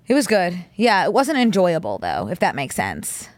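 A woman's voice: on the low side, huge pitch swings, moderate pace, no echo. A young adult woman co-hosting a podcast in casual chat, telling stories with lots of "like" fillers. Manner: chatty, filler-heavy storytelling with lots of "like". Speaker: podcast co-host.

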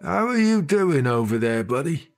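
A man's voice: on the high side, very animated, moderate pace, voice pushed up. A man voicing a worn-out middle-aged uncle near tears, weary and defeated. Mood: gentle. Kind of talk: audio drama narration.

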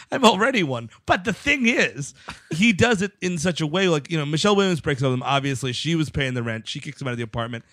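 A man's voice: a little high, lively intonation, brisk, fairly bright tone, dry recording, studio quality. A man co-hosting a casual film-review podcast, rambling and swearing with laughing asides. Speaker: podcast co-host.

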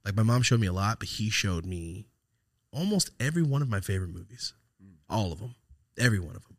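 Expressive and fast, a man with a somewhat low voice hosts a podcast and reflects loosely on a personal story. He curses freely, and his casual storytelling drifts through fillers and restarts.

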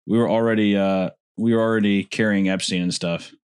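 A man's voice: lowish voice, fairly even intonation, a little fast, clear, resonant tone. A man co-hosting a comedy podcast, talking casually, laughing often and stumbling over his words. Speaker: podcast co-host. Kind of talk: crude comedic podcast banter.

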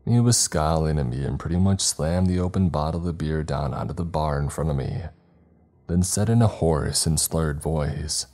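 Very deep-voiced man narrating horror. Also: normal speed, dark tone, faint music behind.

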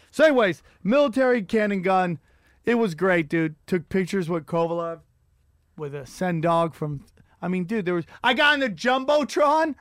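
High-voiced man ranting on a podcast. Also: normal speed, dry recording, clean studio sound. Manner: rambling, profane, animated storytelling. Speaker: podcast host. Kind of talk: casual comedic rant.

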